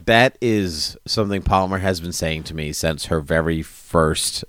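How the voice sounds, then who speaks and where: Man, very deep voice, casual TV recap co-host, jokey, animated, dry close recording. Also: unhurried, dry recording. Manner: jokey, animated, breaks into silly bits. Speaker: podcast co-host.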